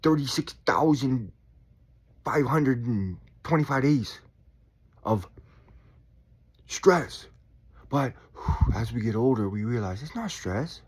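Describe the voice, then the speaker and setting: A man in his forties talking in a calm, reflective way about staying chill, with sighs and quiet asides. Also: medium pitch, measured pace, husky. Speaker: spiritual vlogger. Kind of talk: casual reflective monologue.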